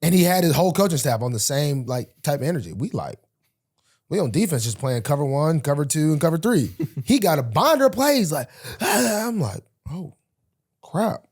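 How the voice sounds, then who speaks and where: Animated young man telling stories. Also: on the high side, moderate pace, breathy edge. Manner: animated storyteller, acts out quotes. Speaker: podcast co-host, football player. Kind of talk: casual podcast banter.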